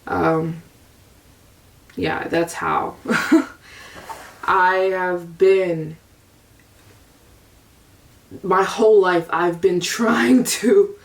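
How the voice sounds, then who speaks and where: With a fairly low pitch, vocal fry, and long pauses, a young American woman speaks slowly. She's a vlogger telling a candid, rambling story about herself, confessional in tone and prone to repetition, her voice slightly distant from the mic.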